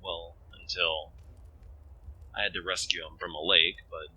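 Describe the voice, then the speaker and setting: A man's voice: low voice, flat delivery, unhurried, pushed and bright, lo-fi sound, slight background noise, heavily acted. A man reading as a confident young party leader. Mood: friendly.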